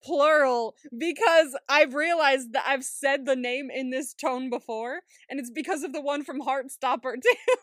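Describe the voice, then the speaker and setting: High-voiced woman, blunt podcast co-host. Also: moderate pace, a bit bright, dry recording, clean studio sound. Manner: outspoken, swears, laughs often. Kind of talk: casual recap chat.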